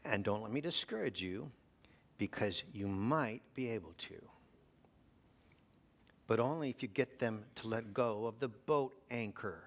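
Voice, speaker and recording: A man preaching a sermon, asking his congregation rhetorical questions and dropping to a hush for emphasis. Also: lowish voice, measured pace, long pauses. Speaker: pastor.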